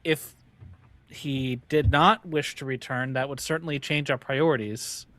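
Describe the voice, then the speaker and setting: A man's voice: mid-range voice, steady tone, a little slow, a bit bright. A man playing a tabletop game, talking in a hesitant, wheedling way with many fillers. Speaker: player. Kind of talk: casual tabletop game chat.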